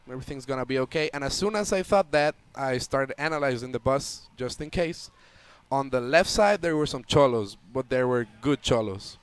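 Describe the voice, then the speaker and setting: A young man, a tournament player, telling an animated story to a chat audience and acting out the voices in it. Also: medium pitch, smooth. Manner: lively, acts out voices in the story. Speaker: interview guest, tournament player.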